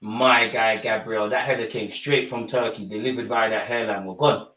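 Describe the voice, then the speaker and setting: Man yelling at a football match. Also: fairly low pitch, normal speed. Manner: talks back at players and referee, swings from mutters to excited shouts. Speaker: football fan streamer. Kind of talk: live match watchalong reaction.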